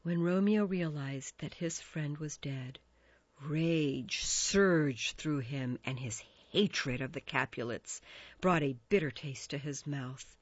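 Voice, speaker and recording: Woman storyteller, low-ish voice, slow and lively in pitch, dull dry recording. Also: dry recording. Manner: expressive, measured. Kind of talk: storybook narration.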